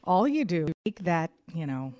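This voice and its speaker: A woman's voice: fairly low pitch, sing-song, normal speed, warm tone, no echo, highs cut off. A woman co-hosting a radio show, chatting in an upbeat way with plenty of fillers. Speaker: radio co-host. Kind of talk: casual on-air chat. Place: radio studio.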